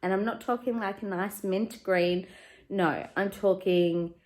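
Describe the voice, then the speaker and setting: A woman in her thirties with an Australian accent, a working mum giving a candid, chatty life update from her home that turns quieter and more emotional when she talks about parenting. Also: medium pitch, steady tone, unhurried, low-quality recording. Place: at home, in her living room.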